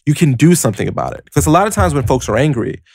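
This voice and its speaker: Hosting a motivational podcast, a man speaks quickly in a fairly high, gravelly voice with a breathy edge. He addresses the listener directly and casually, explaining step by step with lots of "like" and "you know," in a lively tone, and the studio sound is clean with no echo.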